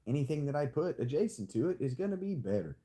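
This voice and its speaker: A male streamer talks through his strategy game in a loose, joking ramble. His pitch swings widely, from low mutters to sudden squeaky jumps. He slips into a hammed-up hick drawl as he goes. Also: sing-song, fast talker, dark tone. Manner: rambling, jokey self-talk with sudden high squeaks; playfully hamming a hick drawl. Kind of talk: casual live-stream commentary.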